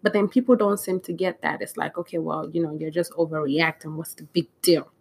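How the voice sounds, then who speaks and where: A woman hosts a casual solo podcast, rambling from point to point and restarting her sentences. She sounds flustered and frustrated, and her speaking voice sits on the lower side. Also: fairly even intonation, fairly quick, vocal fry, breathy edge. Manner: rambling, scattered, restarts often. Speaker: podcast host.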